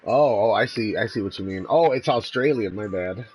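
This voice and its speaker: A man's voice: fairly low pitch, animated, a little fast, darkish tone, a little hiss or hum, low-quality recording. A man hosting a casual gaming voice chat, laughing and swearing in easygoing banter over a headset. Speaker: host of the gaming stream.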